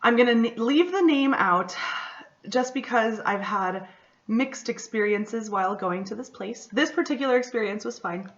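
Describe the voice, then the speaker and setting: A young woman, chatting through a solo podcast in a relaxed, storytelling way. Her voice sits fairly high and is peppered with "like" and "you know". The home recording sounds dull and a bit lo-fi. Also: normal speed. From Michigan, USA. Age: 20s. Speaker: podcast host. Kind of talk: casual solo podcast chat.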